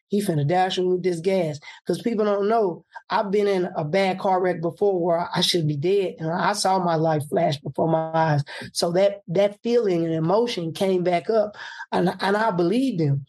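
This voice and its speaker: A man, a political candidate, telling a personal story and acting out what people said. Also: high-pitched. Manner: animated, acts out quoted speech.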